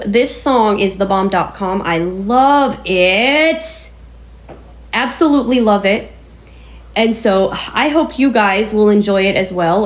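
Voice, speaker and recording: A woman hosting a casual sit-down vlog from her home kitchen, talking in a bubbly, enthusiastic, chatty way. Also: medium pitch. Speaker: vlog host.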